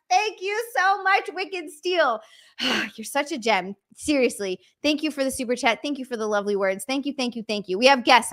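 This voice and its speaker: A young woman streamer, excitable and gushing, swearing as she reads out viewer messages and thanks them on a live stream. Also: high-pitched. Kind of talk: live stream, reading out super chats.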